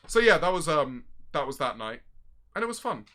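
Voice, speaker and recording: A young streamer chatting to his viewers in a loose, profane, animated way. His voice is bright and sharp, and it swings widely in pitch as he gets excited, often jumping into loud bursts. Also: moderate pace, a little hiss or hum. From Britain. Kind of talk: casual storytelling chat.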